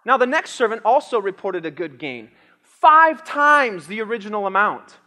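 A man preaching a sermon, lively and animated, dramatizing a Bible story with booming lines for the king. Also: moderate pace, in a large hall. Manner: animated, acts out the king's lines with shouts. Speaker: pastor.

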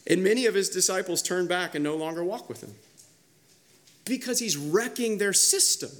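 A male pastor preaching a sermon, emphatic and animated, acting out the quoted voices he reads from. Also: on the high side, fairly quick.

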